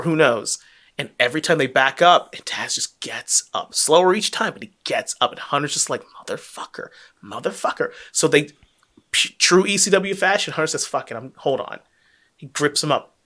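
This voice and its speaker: A man co-hosting a podcast, telling a story with excitement and plenty of swearing in casual chat. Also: medium pitch. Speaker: podcast co-host.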